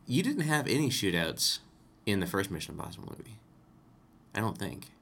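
A podcast co-host with a lowish, slightly rough voice, vocal fry, and a fairly bright tone talks very animatedly and fairly quickly. In a casual movie discussion, he rambles about a film, corrects himself as he goes, and laughs easily.

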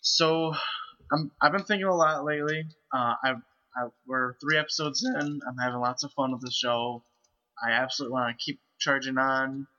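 A man's voice: medium pitch, steady tone, moderate pace, pushed and bright. A man hosting a casual podcast chat, speaking hesitantly with frequent restarts. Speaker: podcast host. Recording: lo-fi home mic.

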